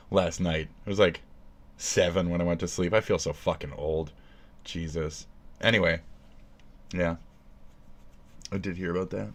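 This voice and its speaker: Male streamer, fairly low voice, sarcastic, profane, loud bursts then mutters, casual rant. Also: moderate pace, pauses often. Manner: profane, sarcastic, swings between shouting and mumbling. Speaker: livestreamer.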